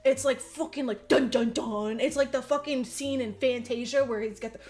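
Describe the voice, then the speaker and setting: A woman's voice: sits high, steady tone, darkish tone. Profane rambling woman recapping a movie. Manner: rambling, profane, acts out characters in quick voices. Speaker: podcast co-host. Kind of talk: casual movie recap chat.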